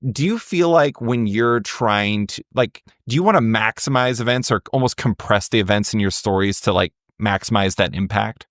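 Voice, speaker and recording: A man's voice: fairly low pitch, moderate pace, few pauses, a bit bright, no room sound, studio quality. A man hosting a podcast interview, asking thoughtful questions in a conversational way. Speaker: podcast host.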